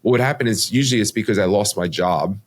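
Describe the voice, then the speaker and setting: A man's voice: lowish voice, quick pace. A middle-aged man, a podcast guest, telling his life story in a casual, rambling way with many restarts.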